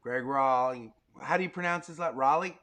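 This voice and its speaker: A man hosting a casual online gathering, reading out viewer answers with excitable reactions. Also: mid-range voice, normal speed, clear, resonant tone. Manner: animated, excitable. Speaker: host of a livestream gathering.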